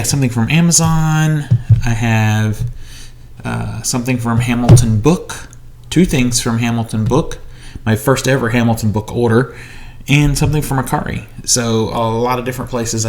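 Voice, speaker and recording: A man's voice: medium pitch, a little mellow. A man who collects movies, chatting casually and rambling in a haul vlog while he unboxes discs in a small home studio.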